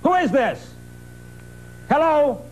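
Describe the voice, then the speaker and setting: A brash, high-voiced man hosting a call-in show. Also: very animated, takes it slowly, rough recording. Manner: abrasive, insulting, cuts callers off. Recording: faint hum, 1980s TV broadcast.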